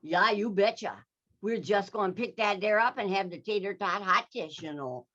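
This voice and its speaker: A woman voicing a broad small-town Wisconsin talker with a folksy, drawn-out manner. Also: mid-range voice, fairly bright tone, dull audio, natural voice.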